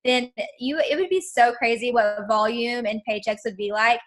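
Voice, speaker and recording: A woman's voice: on the high side, moderate pace. A woman team leader in casual motivational chat, emphatic and full of "like". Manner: emphatic, peppered with "like". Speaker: network marketing team leader.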